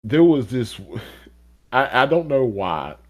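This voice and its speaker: A man with a mid-range voice co-hosts a casual podcast. He tells his stories in an animated way and often breaks into laughter. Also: medium pitch, slow pace. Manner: animated storytelling, laughs a lot. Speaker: podcast co-host.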